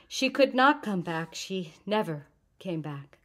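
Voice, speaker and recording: A woman reading the part of a grieving adult refugee woman, speaking softly with controlled bitterness. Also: lowish voice, expressive, slow pace, exaggerated voice. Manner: soft, hushed, controlled grief.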